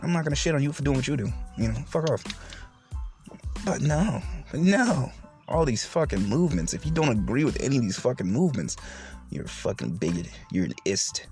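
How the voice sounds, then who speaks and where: A man's voice: medium pitch, big pitch swings, a little fast, darkish tone, faint music behind. A man hosting a solo podcast, ranting bluntly with heavy swearing and frequent laughter. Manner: profane, blunt, laughing often; mocking quoted voices. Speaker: podcast host.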